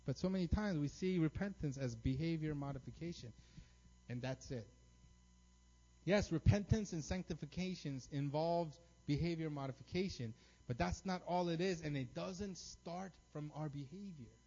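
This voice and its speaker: A man's voice: fairly high pitch, moderate pace. A man in his thirties preaching a sermon, telling stories with lots of energy and checking in with the crowd by asking "right?". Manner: animated storytelling, frequent "right?" tags. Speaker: pastor. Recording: dull lo-fi recording.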